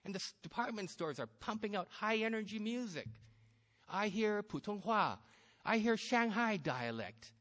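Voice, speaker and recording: Male story reader, understated and wry, high-pitched and animated, in a reverberant space. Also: moderate pace. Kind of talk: first-person story reading.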